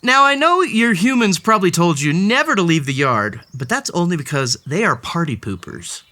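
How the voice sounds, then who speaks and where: With a mid-range, sing-song voice that sounds pushed and bright, a storybook host reads a children's tale aloud at normal speed. She plays it up theatrically and even addresses the story's cat directly.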